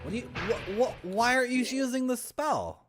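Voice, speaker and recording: A man's voice: extremely high pitch, very animated, normal speed, music in the background. A man from Toronto, chatting and joking with his chat while playing a game, laughing often. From Toronto, Canada. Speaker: streamer. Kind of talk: casual gameplay commentary.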